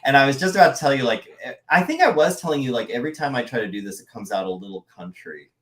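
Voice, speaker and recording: A man from the American West, a voice actor and artist, telling rambling, animated stories in casual podcast chat. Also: mid-range voice, quick pace, rough recording.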